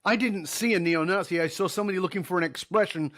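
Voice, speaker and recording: A man's voice: sits high, quick pace, a bit bright. A middle-aged man, a podcast guest, telling a story in an interview, acting out the dialogue and laughing easily.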